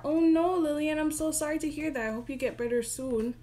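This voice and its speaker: A woman's voice: high-pitched, a little fast, dark tone. A young woman hosting a casual live stream from her bedroom, chatty, giggly and self-deprecating. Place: home bedroom.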